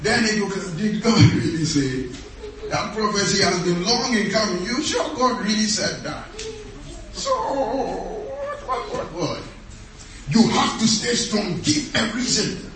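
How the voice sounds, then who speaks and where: A man's voice: high voice, sing-song, a little slow, fairly bright tone. A man preaching a sermon in a church, emphatic, repeating short phrases and laughing often. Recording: echoey church hall, mic at a distance.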